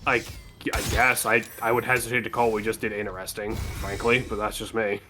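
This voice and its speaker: A man's voice: lowish voice, level tone, fairly quick, sharp tone, soft background music. Sarcastic man commenting on a game. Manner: sarcastic, swears freely. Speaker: game streamer. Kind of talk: casual gameplay commentary.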